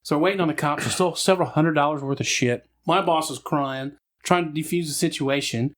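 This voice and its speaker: A man's voice: a little high, a little fast. A man in his thirties, a podcast co-host telling profane stories and acting out the people in them. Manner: profane, animated storyteller acting out quoted people. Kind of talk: casual chat, storytelling.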